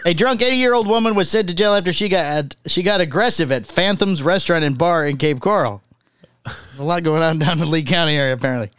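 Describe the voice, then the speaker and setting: A man's voice: fairly high pitch, a little fast, a bit bright, smooth, dry recording, studio quality. A man co-hosting a podcast, reading odd news stories aloud in a casual, teasing way and laughing often.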